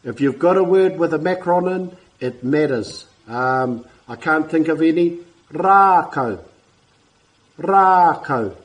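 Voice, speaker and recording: A man, coaching te reo learners in a casual talk to camera, repeating words slowly and clearly. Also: fairly high pitch, low-quality recording. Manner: warm, encouraging, repeats words slowly for pronunciation.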